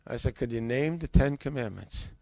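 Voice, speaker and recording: A man's voice: mid-range voice, moderate pace, creaky, no echo. An older man with an American accent, a former pastor, casually telling his story and acting out the dialogue with a rising voice. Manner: animated, acts out dialogue with rising voice.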